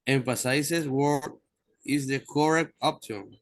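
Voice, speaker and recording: A male student, reading aloud haltingly in an online English class and repeating the teacher's corrections. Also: mid-range voice, steady tone, no echo. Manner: halting, stumbles over words and repeats corrections. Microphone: video call.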